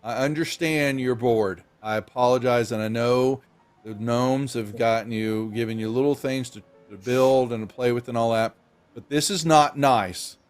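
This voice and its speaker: A man's voice: mid-range voice, normal speed, smooth, soft background music, natural voice. Stern scolding matron voiced by a male DM, firm, lightly acted. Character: stern scolding woman, older guardian.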